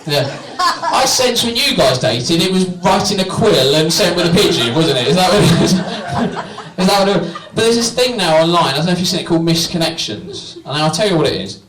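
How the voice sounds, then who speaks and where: A young man performs stand-up, teasing himself and chatting with the audience. His voice rises and falls a lot and sits a little high. It is caught from afar in a roomy venue, with loud laughter around him. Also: sing-song, a little fast, few pauses. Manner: cheeky, self-mocking, chatty with the crowd. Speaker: stand-up comedian. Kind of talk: stand-up comedy set. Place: small comedy venue with live audience. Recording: roomy, distant, crowd laughter. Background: audience laughing and cheering.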